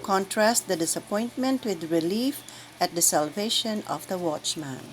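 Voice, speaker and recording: A woman guiding church lectors through the Sunday readings, speaking in a slow, deliberate, carefully enunciated way. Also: mid-range voice, lively intonation, slight background noise, rough recording. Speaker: lector trainer. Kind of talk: instructional reading guide.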